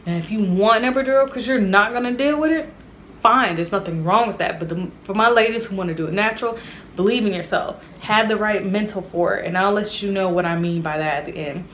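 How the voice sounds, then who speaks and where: A woman's voice: medium pitch, a little fast, fairly bright tone, slight background noise. A young woman, chatting animatedly and straight to her viewers in a casual storytime vlog. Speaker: vlogger.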